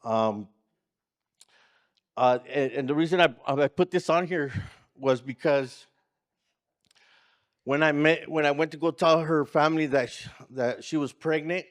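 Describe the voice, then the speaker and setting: A man's voice: a little high, unhurried, long pauses. A man telling an earnest personal story at a community gathering, acting out the lines of people in it. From California. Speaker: community organizer speaker. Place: conference room.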